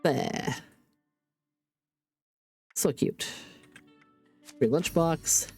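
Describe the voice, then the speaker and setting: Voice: medium pitch, extremely slow, a little mellow, husky, faint music behind. A livestreamer with a stuffy nose from a cold, chatting casually while playing a game and talking through each in-game task aloud. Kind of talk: casual gaming stream chat.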